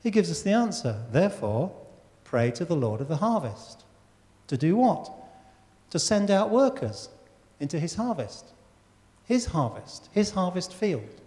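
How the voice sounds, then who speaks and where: A man's voice: sits high, sing-song, unhurried, dark tone. A man preaching a sermon to his church, talking conversationally and asking the congregation questions. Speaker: pastor. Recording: church hall with long reverb.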